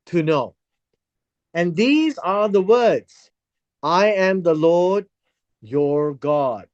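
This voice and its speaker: Slow, lively-pitched Bible teacher. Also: muffled recording. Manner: reads verses aloud and explains them word by word.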